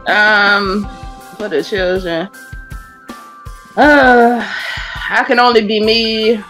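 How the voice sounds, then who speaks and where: A woman's voice: medium pitch, very slow, soft background music. A woman co-hosting a podcast, chatting casually about parenting with easy laughter. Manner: relaxed, laughing, conversational. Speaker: podcast co-host. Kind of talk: casual chat.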